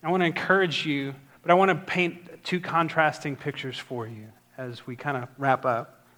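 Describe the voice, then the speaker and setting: A man's voice: fairly high pitch, fairly even intonation, moderate pace, sharp tone. A man preaching a sermon as pastor, earnest and building to emphatic exhortation.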